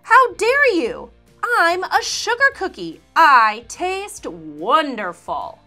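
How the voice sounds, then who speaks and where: Cheeky high little cookie boy for a storybook, as a woman puts him on, bright and bouncy. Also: huge pitch swings, slow, soft background music, exaggerated voice. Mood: indignant. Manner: high shouty bragging, sing-song taunts. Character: boastful little boy cookie, sassy and proud.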